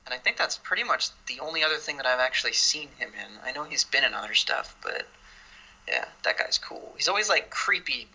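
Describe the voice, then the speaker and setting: A man co-hosting a casual film podcast, laid-back, acting out scenes in high goofy voices. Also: lively intonation, brisk, vocal fry, bright, forceful tone, rough recording. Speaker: podcast co-host.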